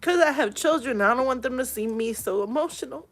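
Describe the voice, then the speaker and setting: A woman with a high, lively voice speaks fairly quickly as she hosts a livestream and reads out comments. She gives heartfelt, tearful, pleading encouragement with a spiritual bent.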